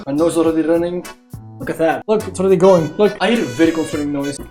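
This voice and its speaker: Excitable young man, echoey kitchen. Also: fairly high pitch, fast talker. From Belgium. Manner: excitable, swears often, loud sudden outbursts. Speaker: streamer. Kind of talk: live-stream chat while cooking. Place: home kitchen. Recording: echoey kitchen with faint music.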